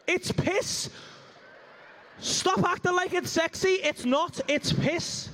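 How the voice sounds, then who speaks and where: Man, very high voice, crude ranting stand-up, comedy club stage. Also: sing-song, takes it slowly, a bit bright.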